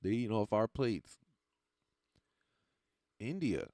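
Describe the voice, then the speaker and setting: Low-voiced man rambling on a livestream. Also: big pitch swings, slow pace, mellow, no room sound, clean studio sound. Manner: rambling, loose and profane, laughing at his own lines. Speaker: stand-up comedian and livestreamer. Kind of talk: casual livestream chat with viewers.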